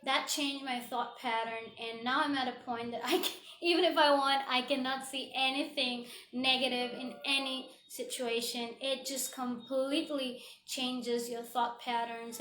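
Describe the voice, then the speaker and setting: A woman's voice: high voice, fairly even intonation, a little slow, fairly bright tone, slight background noise. A woman giving a heartfelt motivational talk to camera, earnest and full of fillers. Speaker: motivational speaker. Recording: echoey room.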